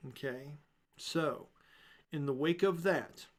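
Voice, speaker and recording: A man narrating a tabletop game as game master, relaxed and improvising with fillers. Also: fairly high pitch, takes it slowly.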